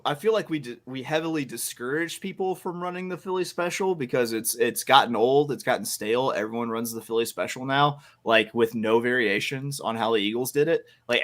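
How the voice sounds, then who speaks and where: A man co-hosting a podcast, talking casually with animated emphasis. His voice has a bright edge and sounds dry and close on the mic. He often breaks off with fillers and restarts before pushing on. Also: mid-range voice, brisk, few pauses, no echo. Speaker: podcast co-host. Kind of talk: casual chat.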